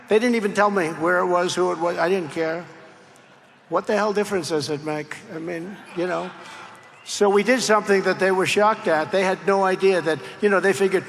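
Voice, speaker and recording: A man's voice: high-pitched, normal speed, vocal fry, fairly bright tone, a little hiss or hum. A man giving a keynote political speech in a large convention hall, rambling and boastful with many asides. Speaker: keynote speaker. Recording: reverberant convention hall, faint crowd ambience.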